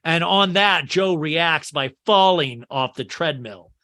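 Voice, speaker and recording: A man hosting a podcast, recapping a movie in a casual, animated way with lots of fillers. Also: a little high, takes it slowly. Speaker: podcast host.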